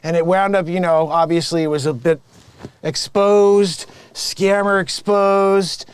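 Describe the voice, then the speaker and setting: A man's voice: high voice, steady tone, measured pace, clean tone, no room sound. A man playing a sleazy, smug phone scammer. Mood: mocking. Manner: smug, mocking, laughing at his own lines. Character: sleazy male phone scammer boss posing as tech rebate agent. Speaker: improv comedian. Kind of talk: improvised comedy sketch.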